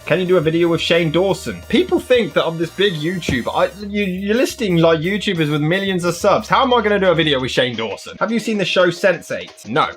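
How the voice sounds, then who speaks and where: Sweary man, animated comic delivery. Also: a little high. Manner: blunt, sweary, quick comic answers. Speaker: YouTube reviewer answering fan questions. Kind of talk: casual comedic Q&A.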